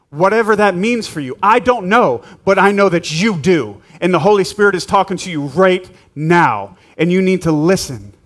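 A male pastor preaching and leading prayer, urging the church with repeated calls that build into shouted prayer. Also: fairly high pitch. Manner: urgent, repetitive exhortation building to shouted prayer. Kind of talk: sermon and prayer.

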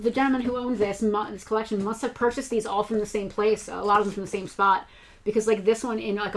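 A woman's voice: mid-range voice, fairly bright tone, poor audio. A woman hosting a live unboxing of collectible toys, chatting casually and explaining each item as she handles it. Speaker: host of a collectibles show.

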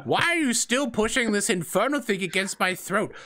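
A man's voice: sits high, animated, moderate pace, pushed and bright, voice pushed up. A man voicing a frail, panicky old male assistant who whines and pleads in a flustered way.

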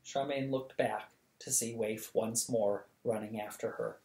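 A reader narrating a novel for bedtime at a steady, lively pace. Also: mid-range voice, measured pace. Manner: steady, lively, acts out the dialogue. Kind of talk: audiobook reading of a novel. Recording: echoey room.

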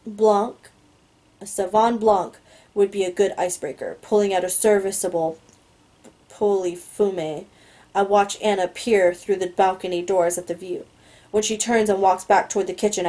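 Mellow-voiced woman reading a novel aloud. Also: medium pitch, rough recording. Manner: stumbles on words, adds asides. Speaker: reader.

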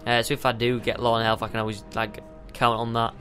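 A man giving excitable let's play commentary, yelping and tossing out goofy exclamations. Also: mid-range voice, fast, faint music behind. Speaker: gamer.

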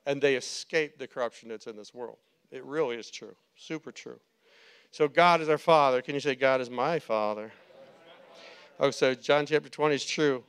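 A man's voice: a little high, clear, resonant tone. A man preaching a sermon as pastor, moving from easy conversational teaching to fervent, rising exhortation. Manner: conversational preaching that builds to impassioned shouting. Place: church sanctuary.

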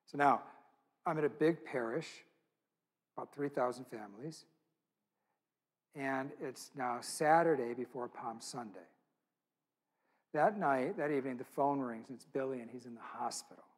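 Husky man telling an earnest story. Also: medium pitch. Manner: earnest, intimate storytelling with quoted dialogue. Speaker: church musician and speaker. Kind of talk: storytelling talk at a church event. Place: church.

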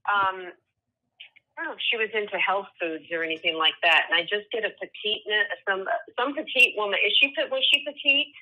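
A woman giving psychic readings over the phone, hesitant and gentle with many fillers. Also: medium pitch, fairly quick. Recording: tinny phone line.

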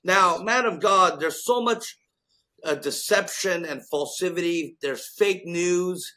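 A man with a bright, sharp-edged voice sitting slightly high hosts a faith talk show. He questions his guest and then turns fervent, declaring what he believes is being spoken. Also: slow. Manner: fervent, declaring prophetic words. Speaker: show host.

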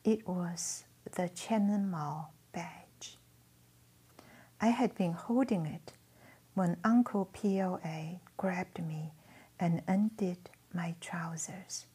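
Slow, hushed woman. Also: on the low side, slightly rough. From China. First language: Chinese. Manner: hushed, near-whispered reading. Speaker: author reading her memoir. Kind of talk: memoir read-aloud.

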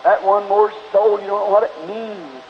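A man's voice: high voice, moderate pace. A man preaching an altar call and closing in prayer, pleading fervently with the congregation at a church meeting. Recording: dull lo-fi 1950s tape, faint hiss.

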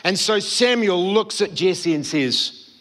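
A man's voice: high voice, expressive, slow, a bit bright. A man preaching a sermon, telling the story and acting out the quoted voices. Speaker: pastor. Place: church hall.

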